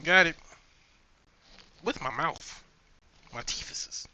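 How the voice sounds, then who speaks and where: A man's voice: on the high side, takes it slowly, pushed and bright. A man vlogging while he sews, rambling and cursing to himself in a casual, muttered way. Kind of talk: casual self-talk while sewing.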